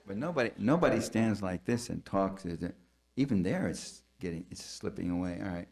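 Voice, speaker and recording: In a college lecture hall, a sardonic New Yorker gives a public talk through a handheld microphone that keeps dropping out. He speaks at normal speed in a lowish, animated voice, mocking things and adding wry, grumbling asides.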